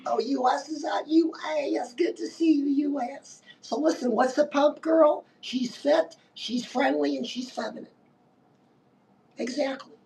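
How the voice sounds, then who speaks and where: A woman's voice: high voice, measured pace, creaky, mellow, far from the mic, a little hiss or hum, poor audio. A woman giving a chatty live-stream pep talk as a life coach, keeps calling the listener "girl" and saying "listen".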